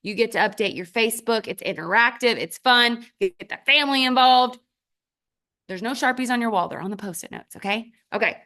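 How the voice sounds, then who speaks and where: A woman and mother speaking as a guest trainer, giving a motivational sales talk in short, emphatic commands with sudden jumps in pitch for stress. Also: a little fast, bright, forceful tone. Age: adult with children. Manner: addresses the audience directly in short commands.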